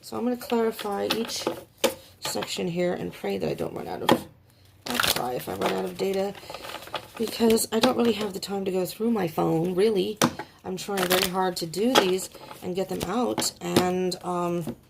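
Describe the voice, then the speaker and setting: A woman's voice: medium pitch, fairly even intonation, moderate pace, creaky, very noisy. A woman giving a casual tarot reading for her viewers, rambling and emotional, often talking to herself as she turns over cards. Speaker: tarot reader.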